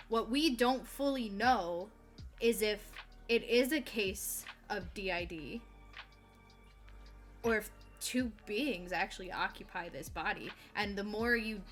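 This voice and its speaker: A woman co-hosting a podcast, chatting casually about a book with quick excited reactions. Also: medium pitch, soft background music. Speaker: podcast co-host.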